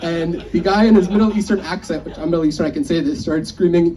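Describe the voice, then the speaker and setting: A man's voice: high-pitched, steady tone, fairly quick, few pauses, crowd noise. A young man giving a memorial speech, telling rambling anecdotes with frequent chuckles, picked up from a distance. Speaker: eulogy speaker. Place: memorial gathering. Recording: distant mic, faint background noise.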